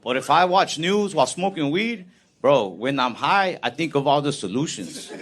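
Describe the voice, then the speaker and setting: Man, stand-up comedian, relaxed easy delivery, slightly high voice, clear background noise. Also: normal speed. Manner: laid-back, calm delivery.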